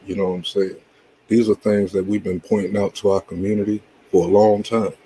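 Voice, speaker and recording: A man's voice: fairly low pitch, level tone, fairly quick, dark tone, slight background noise, poor audio. A man hosting a casual reaction commentary, laid-back and agreeing, often saying "you know what I'm saying". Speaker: channel host reacting to a clip.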